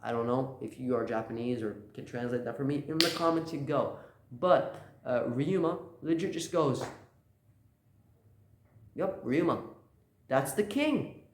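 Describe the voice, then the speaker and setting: A man's voice: mid-range voice, moderate pace, slight background noise. A man casually recapping a comic chapter, loose and rambling with lots of filler words. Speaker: channel host. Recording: roomy echo.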